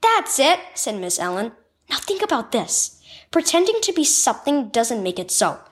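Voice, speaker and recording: A woman narrating a children's devotional story, reading a script in a clear, kid-friendly storytelling manner. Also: a little high, sing-song, normal speed.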